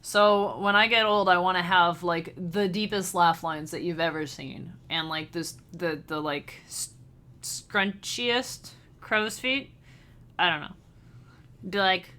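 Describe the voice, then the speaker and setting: A woman speaks slowly in a bright, forceful, mid-range voice. She's a chiptune musician who livestreams, chatting casually and giggling as she talks straight to her viewers.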